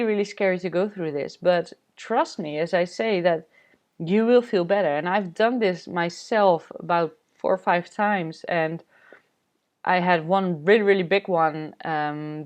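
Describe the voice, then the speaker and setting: A woman from the Netherlands, a spiritual coach, telling a personal story in a candid vlog, halting with many fillers. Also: lowish voice. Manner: candid, confessional.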